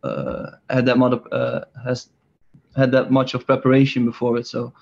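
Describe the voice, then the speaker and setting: A man's voice: medium pitch, completely flat delivery, moderate pace, creaky, darkish tone, lo-fi sound. A young man from the Netherlands in his twenties with a Dutch accent, answering interview questions in a hesitant, filler-heavy way. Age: 20s. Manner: hesitant, many fillers and restarts. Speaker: soccer player guest.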